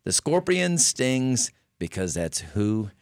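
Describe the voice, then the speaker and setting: Folksy preacher hosting a radio show. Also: male voice, medium pitch, big pitch swings, takes it slowly, vocal fry, no echo, clean studio sound. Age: older than his co-hosts. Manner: folksy, stumbles and repeats words. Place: radio studio.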